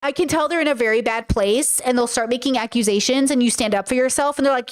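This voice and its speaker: A woman streamer chatting casually with her live chat, loud and excitable, a self-described yell talker. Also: a little high, fast. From grew up in a Middle Eastern home. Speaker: streamer reacting to a video.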